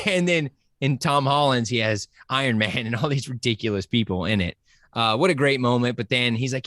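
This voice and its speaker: A man excitedly discussing a movie, acting out lines and laughing often. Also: mid-range voice, brisk, no echo. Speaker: podcast guest.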